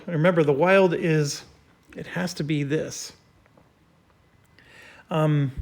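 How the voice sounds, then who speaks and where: A man's voice: on the high side, measured pace, long pauses. A man hosting a board game playthrough, explaining each move step by step with frequent fillers. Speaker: host.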